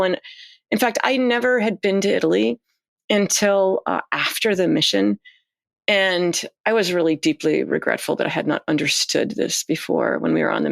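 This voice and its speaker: A woman guest in casual conversation, telling stories in a chatty, animated way with frequent restarts. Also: mid-range voice, vocal fry, no room sound. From United States. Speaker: astronaut guest.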